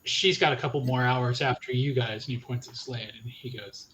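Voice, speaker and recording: A man's voice: medium pitch, fairly even intonation, moderate pace, hardly any pauses, a bit bright, slight background noise, poor audio. A man running a tabletop role-playing game as storyteller, recounting what a character says in a string of "he goes" quotes. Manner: retells NPC speech with frequent "he goes".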